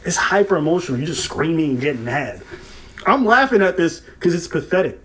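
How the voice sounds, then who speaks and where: A man's voice: a little high, brisk. A man co-hosting a reaction show, mocking and swearing as he gives heated commentary. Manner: animated, mocking, profane, laughs at his targets.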